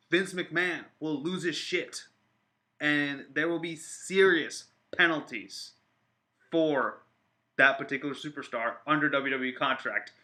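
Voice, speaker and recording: A man chatting casually on a live stream, rambling with many fillers and restarts and getting excited. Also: mid-range voice. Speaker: wrestling vlogger reacting to viewer comments.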